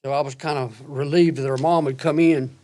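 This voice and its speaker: A man's voice: on the high side, fairly even intonation, mellow. Plain-spoken man testifying. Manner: plain-spoken, halting, recounting events step by step. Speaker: witness testifying in court. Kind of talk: courtroom testimony. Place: courtroom.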